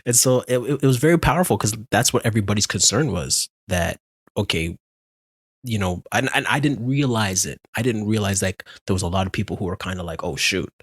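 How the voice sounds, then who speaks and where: Lively storytelling man, low voice. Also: brisk, slightly rough, dry recording. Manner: animated storytelling, laughs often, many restarts. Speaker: podcast co-host. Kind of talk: casual chat.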